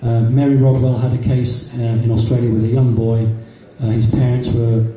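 A man in his fifties tells personal stories to a live audience, his medium-pitched, mellow voice moving little in pitch at a moderate pace, with frequent fillers and restarts. The muffled recording comes from a very echoey hall with faint background noise.

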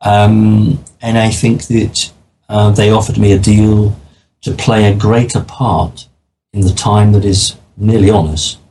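A man's voice: on the low side, level tone, a little slow, mellow, a little hiss or hum, rough recording. A man talking as a guest in an interview, explaining his views in an earnest, matter-of-fact way. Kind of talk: interview conversation.

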